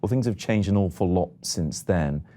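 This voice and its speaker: A man presenting the news and interviewing guests in a TV studio in a brisk, polished way. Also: deep voice, mellow.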